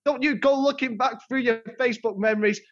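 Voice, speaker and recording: A man's voice: very high voice, fast talker, a bit bright, highs cut off. A man co-hosting a podcast, full of jokey, teasing banter. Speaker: podcast co-host. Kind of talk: casual chat.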